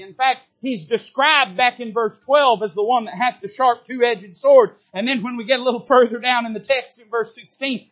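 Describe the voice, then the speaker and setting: High-voiced fervent preacher man. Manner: fervent, rising to shouts. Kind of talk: sermon. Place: church service.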